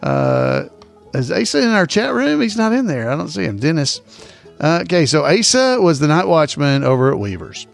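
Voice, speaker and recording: A man's voice: fairly high pitch, huge pitch swings, normal speed, gravelly, soft background music. A man hosting a casual trivia podcast, repeating each question in a folksy, chuckling way. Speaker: trivia host.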